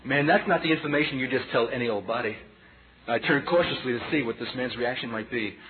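A man in his forties preaching a personal testimony sermon, impassioned and dramatic, swinging between hushed passages and loud outbursts. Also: medium pitch, fast talker, crowd noise. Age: 40s. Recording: tinny lo-fi sermon tape with audience noise.

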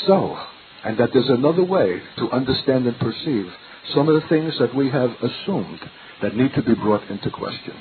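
An older man preaching a sermon in an earnest, searching way, full of rhetorical questions. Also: medium pitch. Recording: tinny lo-fi recording with faint hiss.

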